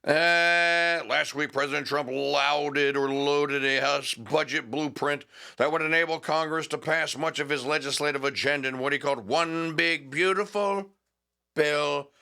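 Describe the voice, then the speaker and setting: A man's voice: a little high, fairly even intonation, a little slow, vocal fry, pushed and bright, clean tone. A man hosting a talk show, reading news aloud with sarcastic, rambling asides and stalling with fillers while he hunts for names. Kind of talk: opinionated talk radio monologue.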